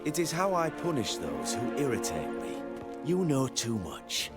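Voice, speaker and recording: A cold, scheming crime boss. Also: male voice, mid-range voice, huge pitch swings, loud music behind the voice. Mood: contemptuous. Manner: menacing, measured and contemptuous. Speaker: villain in a video game.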